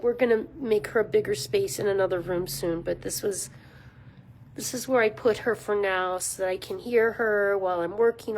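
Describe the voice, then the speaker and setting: A woman rescue volunteer chatting casually at home, rambling with ums and slipping into soft baby talk for a dog. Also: medium pitch, a little hiss or hum, low-quality recording. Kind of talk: casual talking-head explainer to camera. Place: small room at home with a puppy pen, indoors.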